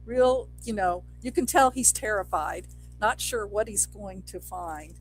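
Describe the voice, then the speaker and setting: Relaxed woman narrating plot. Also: medium pitch, measured pace, a little hiss or hum, poor audio. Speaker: podcast co-host. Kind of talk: casual episode recap chat.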